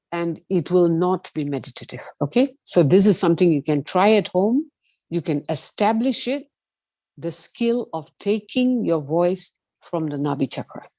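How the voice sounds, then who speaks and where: A woman leading an online meditation lesson, explaining gently and singing sustained vowel tones to demonstrate. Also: lowish voice, no echo. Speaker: meditation teacher.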